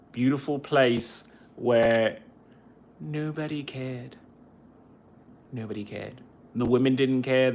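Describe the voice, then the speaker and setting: Halting man venting on a phone. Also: medium pitch. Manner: halting, repeats phrases, venting. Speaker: veteran livestream podcaster. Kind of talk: casual livestream monologue. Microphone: cell phone.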